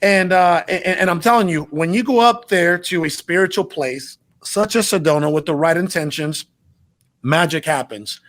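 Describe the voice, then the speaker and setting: A male interview host with a fairly high voice. He asks his guest probing questions in an enthusiastic, conversational way. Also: moderate pace, fairly bright tone.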